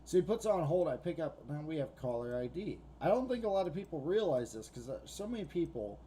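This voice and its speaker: A man's voice: fairly high pitch, very animated, fast talker, mellow, a little hiss or hum. A man co-hosting a podcast, telling a rambling, profane story in casual chat. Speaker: podcast co-host.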